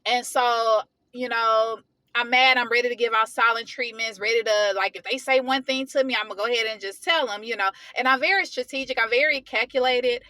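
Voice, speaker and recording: Woman vlogger, bright forceful voice, dry close sound, slangy, heated storytelling. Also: fairly high pitch, a little fast, no echo. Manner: animated, venting, heated; casual, slangy. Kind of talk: casual storytelling vlog.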